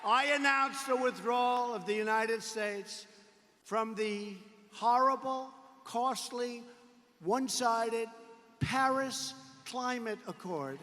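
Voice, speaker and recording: High, bright man giving a rally speech. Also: slow pace, a little hiss or hum. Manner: emphatic, repetitive, sarcastic asides. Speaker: politician addressing a rally. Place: large rally arena. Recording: long reverb from a large arena.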